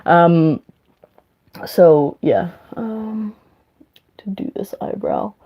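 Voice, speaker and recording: A woman's voice: lowish voice, very animated, drawn-out words, husky, dull audio. A young woman, chatting casually and rambling while doing her makeup on a livestream, swearing freely. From England. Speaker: livestreamer and teacher.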